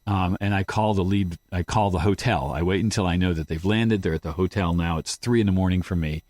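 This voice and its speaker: A man telling a grieving personal story as an interview guest, halting and acting out his own past words in quotes. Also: low voice, darkish tone, dry recording.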